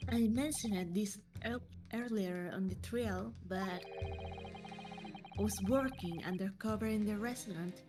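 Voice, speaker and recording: A woman's voice: medium pitch, measured pace, music in the background, close to an everyday voice. A woman voicing an earnest male police inspector explaining an undercover job, reading plainly with small slips.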